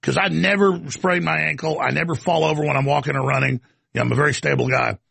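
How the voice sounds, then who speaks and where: A man's voice: fairly high pitch, steady tone, fast, creaky, fairly bright tone, breathy edge, no room sound. A man hosting a show and giving an off-the-cuff commentary monologue, rambling with stammered restarts and coughing now and then. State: coughing, throat irritated. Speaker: show host.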